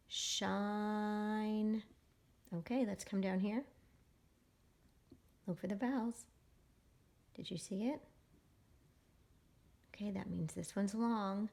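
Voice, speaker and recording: A woman's voice: mid-range voice, vocal fry, dark tone. Patient woman teaching phonics. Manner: patient and encouraging, reading words slowly aloud. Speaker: reading teacher. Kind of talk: phonics lesson to young readers.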